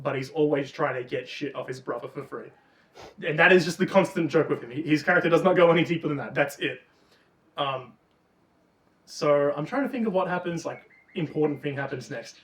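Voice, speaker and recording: A man co-hosting a casual book review chat, retelling the plot with lots of swearing and animated energy. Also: on the high side, fairly quick. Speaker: podcast co-host. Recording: roomy, distant mic.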